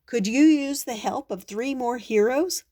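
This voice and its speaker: Cheerful young princess heroine from a storybook, read by an older woman; bright, eager. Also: fairly high pitch, measured pace, voice pushed up, close to an everyday voice.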